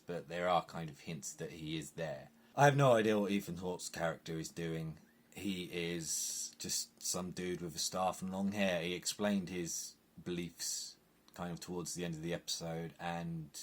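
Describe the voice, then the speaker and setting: An English man talks straight to camera in a low voice with a husky edge. He sounds exasperated and animated as he picks apart an episode. His sentences are packed with casual "like" fillers. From England. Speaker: TV reviewer. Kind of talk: opinionated review monologue.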